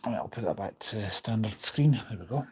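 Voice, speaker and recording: A man's voice: lowish voice, animated, a little fast, warm tone. A man live streaming from on board a bus, chatting casually, rambling with his opinions and reading out viewer comments.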